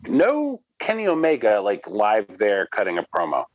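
Low-voiced man teasing in banter. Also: wildly swooping pitch, normal speed, no room sound, muffled recording. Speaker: wrestling podcast co-host. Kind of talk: casual chat.

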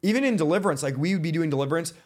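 A man's voice: fairly high pitch, lively intonation, rapid-fire, a little mellow. A man hosting a podcast, chatting casually with his wife in a studio, rambling with lots of fillers. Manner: rambling, filler-heavy, emotional at times. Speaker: podcast host, preacher.

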